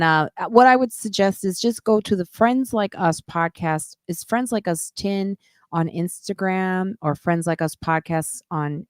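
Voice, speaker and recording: Woman podcast host, middle-aged, chatty and loose, low-pitched smooth voice, dry close sound. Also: no echo. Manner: chatty, loose, swears casually. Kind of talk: casual live-stream chat.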